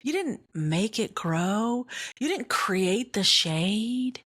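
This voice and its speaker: A woman's voice: mid-range voice, very animated, extremely slow, husky, exaggerated voice. A woman voicing God as a patient male deity who keeps pressing a question. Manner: gently probing, repeating questions.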